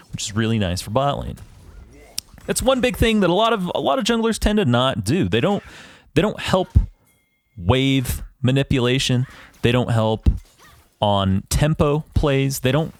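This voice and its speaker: Brief: gamer guy reviewing his match, analytical but foul-mouthed, pitch swings a lot as he talks. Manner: profane, ranting, self-assured. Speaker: gaming YouTuber reviewing his own match. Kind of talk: casual gameplay commentary.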